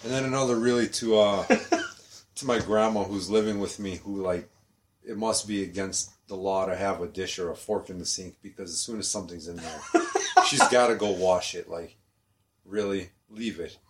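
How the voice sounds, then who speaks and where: A man's voice: sits low, moderate pace. A man in casual podcast chat, ranting with incredulous laughs about family habits.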